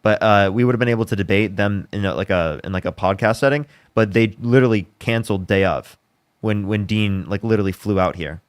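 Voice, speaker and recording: A man running a heated live debate, talking quickly and insistently in a low voice. His sound is dry and close, with no room around it. He keeps repeating his demands for an argument. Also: smooth, no room sound. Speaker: debate livestream host.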